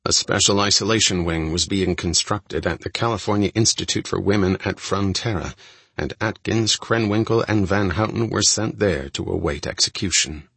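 A man narrating a first-person true-crime audiobook in a steady, measured reading. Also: deep voice, creaky, husky, no echo.

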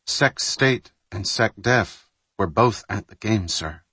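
A man's voice: lowish voice, animated, slow pace, bright, forceful tone, husky, no echo, far from the mic, exaggerated voice. A man voicing a male military duty officer formally reporting news in an audiobook reading. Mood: grave.

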